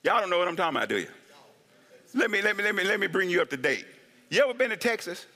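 A man's voice: high-pitched, fast talker, in a large hall. A man preaching a humorous sermon, laughing often, whooping and calling for amens. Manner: animated, laughing, shouts of woo, asks for amens. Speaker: pastor.

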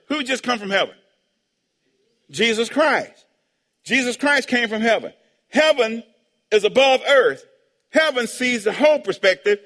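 A high-pitched male pastor preaches to his congregation, calling out for amens and answers and now and then bursting into a shout. His voice is bright and sharp, and it rings out with the long reverb of a church sanctuary. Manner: call-and-response, asking the congregation for amens and answers; preaching with sudden loud shouts. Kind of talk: sermon.

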